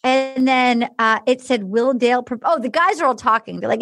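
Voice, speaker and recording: A woman's voice: sits high, normal speed, dry recording, clean studio sound, faint music behind. A woman recapping a reality show in casual chat, acting out what people said in shifting voices and saying "like" a lot. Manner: animated, acts out quotes in shifting voices; heavy use of "like" and restarts.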